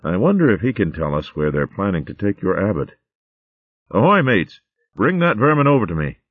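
A man voicing a gruff, hearty male shrew chieftain in a storybook, speaking in sailor slang. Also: low-pitched, sing-song, fast talker, no room sound, exaggerated voice. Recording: phone-like dry audio.

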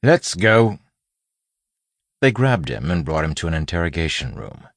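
A man narrates an audiobook in a deep, unhurried voice. His reading swings up and down with plenty of movement, and the tone is husky and breathy. The recording is dry and close. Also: very animated, no room sound.

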